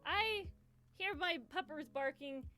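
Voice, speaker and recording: A woman's voice: high-pitched, takes it slowly, sharp tone. Swearing, laughing young woman streamer. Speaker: charity livestream host. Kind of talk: casual storytelling. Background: lofi hip hop music.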